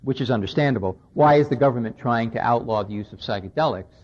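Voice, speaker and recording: A man's voice: mid-range voice, fast, darkish tone. A man giving a conversational lecture, recounting a conversation and speaking with emphasis, on an old radio recording. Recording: dull lo-fi 1990s radio recording.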